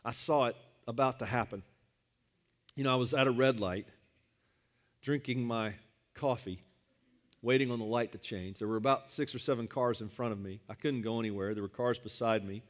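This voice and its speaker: A pastor delivering a sermon with an easygoing, conversational touch. He tells a personal story in plain everyday speech, with the occasional "um" and "you know." His voice sits at an ordinary middle pitch for a man. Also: steady tone, normal speed.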